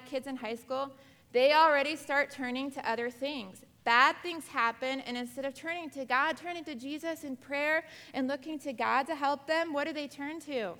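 A woman's voice: high voice, long reverb tail. A woman teaching a Bible lesson to a class of girls, asking them many questions and acting out quotes. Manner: animated, acts out quotes.

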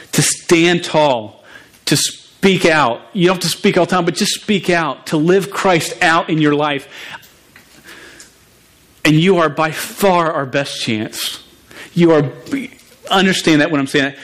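A man preaching to a youth group as their youth pastor, earnest and emotional, often restarting and stumbling over his words. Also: on the high side.

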